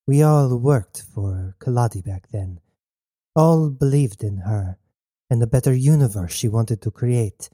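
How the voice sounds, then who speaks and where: A man voicing a cold, intense mother and former revolutionary who speaks calmly and formally. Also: mid-range voice, measured pace, no room sound, clean studio sound. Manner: calm, formal speech without contractions.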